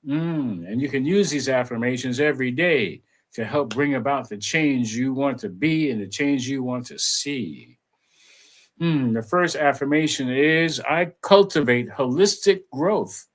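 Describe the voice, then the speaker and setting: A man, a reverend, giving a reflective spiritual talk and leading slow guided affirmations with pauses and repeated phrases. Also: mid-range voice.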